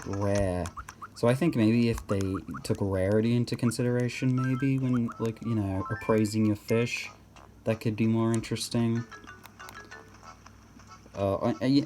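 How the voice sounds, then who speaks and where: Man, casual gameplay commentary, rambling, hesitant, warm mellow tone, faint hiss. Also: on the low side. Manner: rambling, hesitant, many restarts and fillers.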